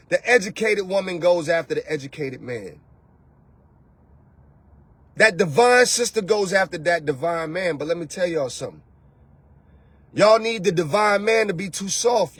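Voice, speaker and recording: A man hosting his own show, ranting loudly and mockingly about dating, often slipping into soft mimicking voices. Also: sits high, husky, no echo. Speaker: host. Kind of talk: animated rant to camera. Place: lives in Atlanta.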